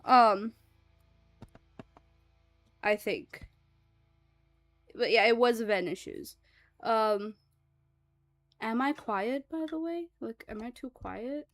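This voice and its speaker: A woman's voice: on the high side, slow, pauses often, no echo, faint music behind. A woman streamer in casual livestream chat, rambling and chatty and swearing freely.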